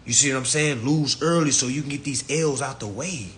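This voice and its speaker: A man's voice: brisk, a bit bright, a little hiss or hum. A man hosting an online class on a live stream, ranting bluntly and mockingly at his listeners. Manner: blunt, profane, mocking, mimics people in high voices. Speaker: online finance class host.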